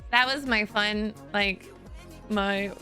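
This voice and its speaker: A young woman streamer casually telling a story to her chat, giggly and animated, swearing freely. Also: mid-range voice.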